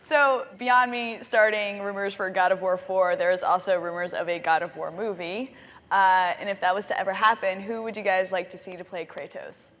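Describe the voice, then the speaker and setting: A woman's voice: medium pitch, steady tone, normal speed, a bit bright. A woman moderating a live panel, asking questions in a casual, playful way. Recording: long hall reverb from a live panel.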